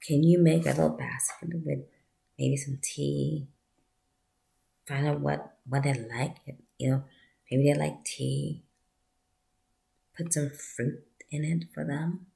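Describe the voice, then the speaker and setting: A woman giving a heartfelt personal testimony, speaking softly and often dropping to a breathy near-whisper, with earnest appeals to the listener. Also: low-pitched, steady tone, slow pace, long pauses. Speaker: vlogger sharing a personal story.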